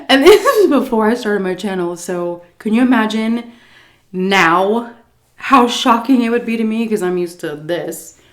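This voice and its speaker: Giggly woman telling a story while eating. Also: mid-range voice. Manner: chatty, laughs often, pauses to eat. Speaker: food vlogger.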